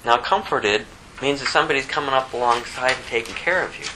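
A man's voice: brisk, bright, forceful tone, slight background noise, poor audio. A man preaching a sermon, his voice rising sharply when he gets emphatic. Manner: impassioned, pitch climbing sharply when emphatic.

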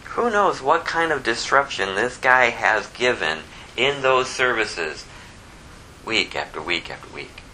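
A man preaching an expository Bible sermon in an animated way, reading scripture aloud and swinging from hushed asides to loud, emphatic bursts. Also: mid-range voice, measured pace, slight background noise, low-quality recording. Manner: reads scripture aloud in King James wording. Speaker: pastor.

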